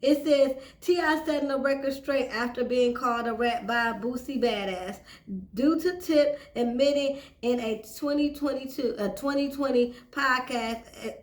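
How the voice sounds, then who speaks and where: A woman's voice: sits high, moderate pace. A woman hosting a celebrity gossip channel, casually reading out a news story and giving her opinions, sometimes stumbling over the words. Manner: chatty, opinionated, stumbles while reading aloud. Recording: echoey room.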